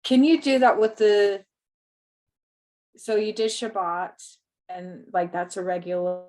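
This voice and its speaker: Slow, halting woman student. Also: mid-range voice, level tone, a little mellow. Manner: halting, unsure. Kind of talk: asking questions in class.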